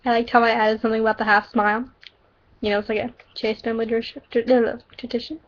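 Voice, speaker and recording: On a dull lo-fi recording, a woman with a slightly high voice reads her own story aloud fast and flatly. An amateur storyteller, she often giggles and stumbles over words.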